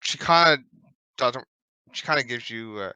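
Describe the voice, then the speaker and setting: Bright, crisp-voiced man running the game. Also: medium pitch, moderate pace, dry recording, dull audio. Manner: loose, hesitant narration with many fillers. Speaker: dungeon master. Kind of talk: narrating a tabletop game.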